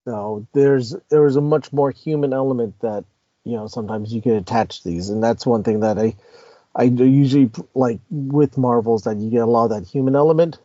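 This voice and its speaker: A man co-hosting a podcast, talking in a relaxed way and steering the discussion. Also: medium pitch, brisk, no echo, muffled recording. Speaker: podcast co-host. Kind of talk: casual review chat.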